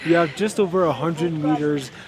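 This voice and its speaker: A man vlogging outdoors high on a mountain, out of breath and cheering his group on. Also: moderate pace, a crowd in the background. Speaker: travel vlogger. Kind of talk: casual on-camera vlog commentary. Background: music.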